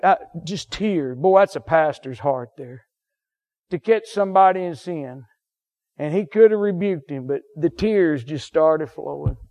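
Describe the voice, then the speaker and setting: A male pastor, preaching a sermon with fervent rises into high shouts and soft, low drops.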